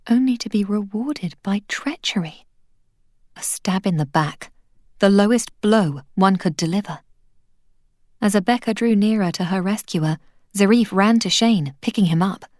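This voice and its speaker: A woman reading a children's adventure novel aloud in a steady, soft-spoken way. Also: mid-range voice, no room sound, clean studio sound. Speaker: audiobook reader.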